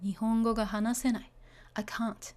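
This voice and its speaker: A woman's voice: a little high, little pitch movement, fairly quick, darkish tone. A woman teaching a beginner Japanese lesson, chatty and full of fillers, often checking that the learners follow.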